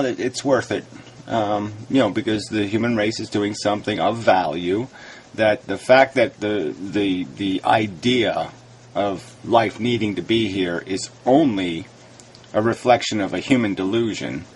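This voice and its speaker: Man, argumentative video rant, frustrated and combative, swears freely, faint hum behind him. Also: lowish voice. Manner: frustrated, raises his voice, swears. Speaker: video blogger replying to critics.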